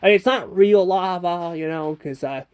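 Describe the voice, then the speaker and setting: A man's voice: high voice, normal speed, clean tone. A young man casually ranking children's learning games, hesitant and unsure, with frequent ums and restarts. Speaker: creator ranking educational games. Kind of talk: casual commentary.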